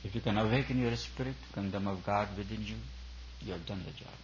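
A man's voice: on the low side, a little fast, lo-fi sound, a little hiss or hum. Man preaching in an emphatic, repetitive cadence. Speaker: spiritual teacher. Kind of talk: sermon.

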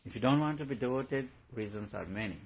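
A man's voice: mid-range voice, expressive, quick pace, creaky, slightly rough. A man, a spiritual teacher talking to followers in a playful, laughing way, acting out everyday scenes. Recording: dull lo-fi recording, faint background hum.

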